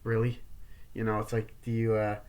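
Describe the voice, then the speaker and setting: A man's voice: on the low side, completely flat delivery, a little mellow. A man giving a casual movie review, rambling with lots of fillers and briefly acting out characters' lines. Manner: rambling, acts out characters' lines in quick impressions; heavy use of filler words like "like" and "you know". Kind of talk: casual film review vlog.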